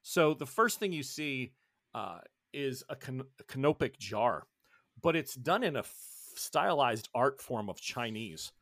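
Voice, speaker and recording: A man's voice: mid-range voice, big pitch swings, unhurried, fairly bright tone, no echo, studio quality. A man from the northeastern United States running a tabletop horror game as game master, rambling and playful, with many fillers and restarts.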